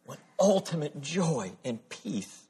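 A man's voice: a little high, big pitch swings, takes it slowly, dark tone, husky, exaggerated voice. A man relaying the words of a passionate ninety-three-year-old churchgoing woman, speaking earnestly and with emphasis. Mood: impassioned. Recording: long hall reverb.

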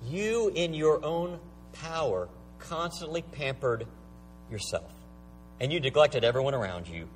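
A man's voice: a little high, expressive, measured pace. A male pastor preaching a sermon, emphatic and driven by rhetorical questions, recorded from a distant mic with a faint hum.

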